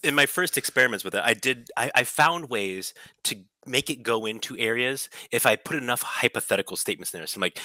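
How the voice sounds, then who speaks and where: A man co-hosting a podcast in casual chat, measured, stopping to qualify his points. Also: mid-range voice, animated, pushed and bright, no room sound. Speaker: podcast co-host.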